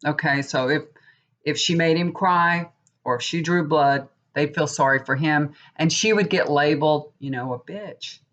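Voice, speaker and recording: A woman's voice: low-pitched, normal speed, fairly bright tone. A woman in her fifties, a tarot reader and psychic, rambling in casual chat to camera and getting worked up as she talks. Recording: dull lo-fi recording.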